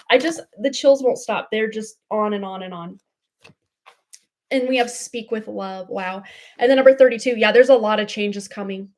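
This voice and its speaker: A woman's voice: mid-range voice, moderate pace, darkish tone. Gushing chatty woman tarot reader. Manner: chatty, gushing, lots of fillers and laughs. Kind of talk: casual livestream chat.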